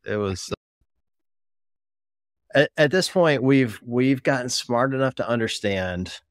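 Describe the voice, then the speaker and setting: A man's voice: medium pitch, animated, a little slow, no room sound, clean studio sound. A man hosting an interview podcast in a casual, joking, chatty way. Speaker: podcast host.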